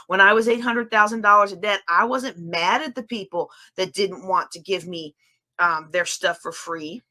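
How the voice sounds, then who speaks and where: A woman's voice: mid-range voice, bright, forceful tone. A middle-aged woman teaching a faith-based lesson, emphatic and repeating phrases for stress. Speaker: Bible study teacher.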